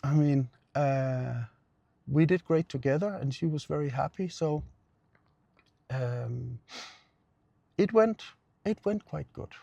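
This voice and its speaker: A man's voice: on the high side, expressive, takes it slowly, gravelly, pauses often, warm tone, dry recording, lo-fi sound. A middle-aged man, a pain therapist, earnestly telling a client's story and repeating phrases for emphasis. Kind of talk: personal storytelling.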